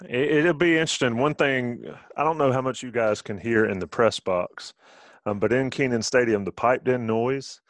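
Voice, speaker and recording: A man's voice: mid-range voice, moderate pace, dry recording. Middle-aged man, sports talk. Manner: conversational, rambling with restarts. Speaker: sports radio host.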